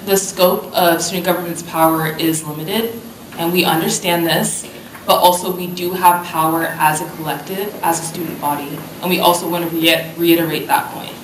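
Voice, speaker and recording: A young woman, a student candidate, giving an earnest, slightly halting debate closing statement. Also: fairly low pitch. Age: young adult. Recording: roomy hall, faint background noise.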